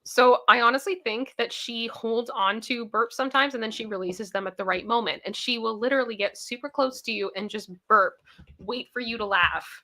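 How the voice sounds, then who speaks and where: A woman's voice: on the high side, a little fast, bright, forceful tone. A young woman hosting a casual livestream, chatty and repeating herself as she thanks viewers by name. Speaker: livestream host.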